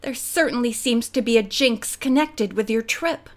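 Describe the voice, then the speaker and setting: A woman's voice: on the high side, moderate pace, lightly acted. A woman voicing a worried, doleful middle-aged housekeeper in an audiobook. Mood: fretful.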